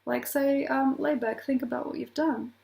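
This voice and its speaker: A woman's voice: high-pitched, fairly even intonation, moderate pace, gravelly, mellow, low-quality recording. A woman astrologer talking casually to camera, rambling from point to point with laughing asides.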